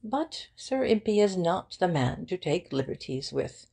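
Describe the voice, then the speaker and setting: A courteous, fussy old gentleman solicitor with genteel, precise speech, as a woman reading an audiobook puts him on. The voice sits low, with a gravelly, husky grain, and it unhurriedly savours every word. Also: sing-song, measured pace, full character voice. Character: elderly fussy male solicitor, mild, courteous.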